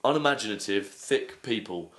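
A man's voice: on the low side, animated, moderate pace, fairly bright tone. A man ranting bluntly and swearing through a casual podcast chat. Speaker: podcast co-host. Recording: roomy echo.

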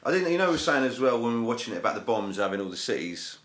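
A man's voice: medium pitch, big pitch swings, very fast, fairly bright tone. A man chatting casually on a podcast, laid-back, swearing and trailing off with ums. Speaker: podcast co-host. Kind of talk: casual chat.

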